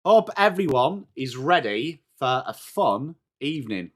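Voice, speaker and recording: An English man hosting a live football watchalong stream, chatty and upbeat, greeting viewers by name, his voice starting to go a little hoarse. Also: medium pitch, sing-song, a little slow. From England. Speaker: livestream watchalong host. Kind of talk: live chat reacting to football.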